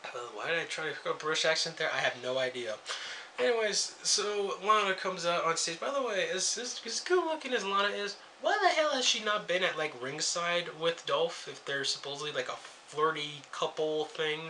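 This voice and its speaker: A man's voice: on the high side, expressive, moderate pace, sharp tone, a little hiss or hum. A young man reviewing a wrestling show in a casual rant, sarcastic and swearing freely as he jumps between topics.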